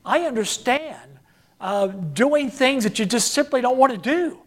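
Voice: mid-range voice, expressive, measured pace. A preacher delivering a sermon, repeating key phrases for emphasis and calling on the congregation to say lines back and answer.

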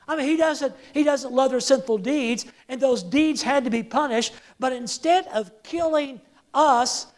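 A woman preaching to her church in a slow, deliberate delivery. She leans hard on her central phrases and repeats them, drawing the congregation into call-and-response. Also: a little high. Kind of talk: sermon. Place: church service with projected slides.

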